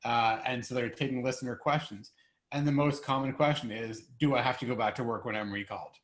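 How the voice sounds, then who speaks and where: A man who works as an employment lawyer, giving clear, structured answers in a webinar and stressing key words. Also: mid-range voice, fairly even intonation, a little fast. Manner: clear, structured, emphatic explanations. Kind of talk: webinar Q&A explaining law. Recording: echoey room.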